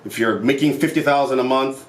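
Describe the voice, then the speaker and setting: A man's voice: medium pitch, fairly quick. Passionate man talking in an echoey room. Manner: passionate, animated storytelling with acted quotes. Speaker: self-improvement vlogger. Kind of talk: casual monologue to camera.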